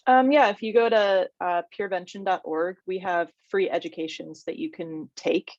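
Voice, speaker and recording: A woman's voice: fairly low pitch, fairly even intonation, normal speed, a little mellow, dry recording. Woman educator on a dry, muffled call. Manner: conversational, frequent "um" and "like". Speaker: mental health educator. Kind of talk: casual panel discussion.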